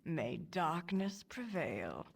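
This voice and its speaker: An actress playing a cold, sinister dark priestess in a video game, intoning solemnly. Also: female voice, lowish voice, very animated, extremely slow, vocal fry, slightly rough, exaggerated voice.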